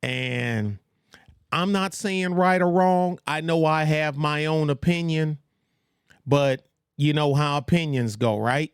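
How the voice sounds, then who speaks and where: A man's voice: fairly high pitch, takes it slowly, clean tone, no echo, clean studio sound. A man hosting a casual livestream, rambling with blunt, trash-talking asides. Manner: mocks others in put-on voices. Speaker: livestream host.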